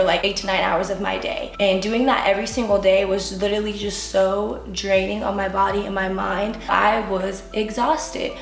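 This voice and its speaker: A woman in her twenties, a vlogger telling her own story to camera in candid, casual talk full of "like". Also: mid-range voice. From United States. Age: 20s. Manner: candid, filler-heavy talk with frequent "like". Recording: echoey room with faint music.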